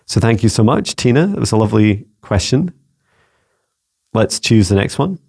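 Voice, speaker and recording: Gravelly low Scottish man, halting delivery. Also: big pitch swings, a little mellow. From Scotland. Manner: halting, searching for words as he relays messages. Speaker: psychic mentor answering viewer questions. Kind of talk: casual solo channeling Q&A. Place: home with a laptop.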